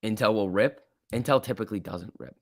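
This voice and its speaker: A man's voice: fairly low pitch, fairly quick. A man hosting a casual stock-market livestream, reading viewer comments and ranting bluntly with frequent filler words.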